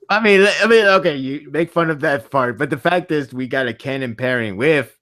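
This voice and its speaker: A man hosting a casual podcast chat, animated, laughing often and swearing casually. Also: on the high side, normal speed. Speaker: podcast host.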